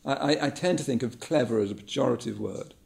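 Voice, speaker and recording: A man gives a reflective talk, thinking aloud and circling back over his words. His voice is gravelly with a bit of fry, and it sits in a middling pitch. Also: fast, darkish tone. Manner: musing, repeats words, many ums. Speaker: speaker giving a talk.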